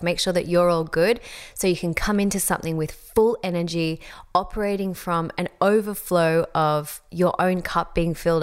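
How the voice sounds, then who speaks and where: An Australian woman in her thirties speaks in an earnest, conversational motivational style. Her voice sits a little low for a woman, and she talks to listeners as friends, drawing on stories from her own life. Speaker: speaker on calm and leadership. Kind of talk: motivational talk.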